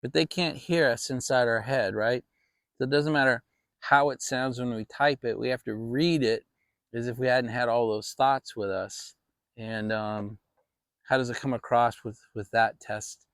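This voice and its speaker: A man's voice: medium pitch, steady tone, a little slow, fairly bright tone, no echo, studio quality. A man hosting a casual fireside chat vlog, talking in a rambling, reflective way with many restarts. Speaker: channel host.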